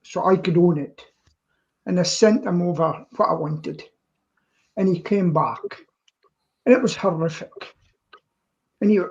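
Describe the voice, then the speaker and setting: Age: unknown. Sex: woman. Style: animated story, lo-fi call. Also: lowish voice, normal speed, pauses often. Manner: animated anecdote teller who acts out both sides of dialogue. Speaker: regular panelist on a live stream. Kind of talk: casual storytelling. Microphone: video call.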